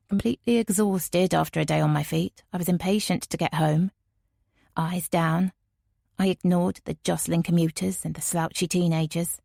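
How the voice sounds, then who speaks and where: A woman narrating a first-person audiobook in a measured, tense way. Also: lowish voice, vocal fry, a little mellow, no room sound, clean studio sound.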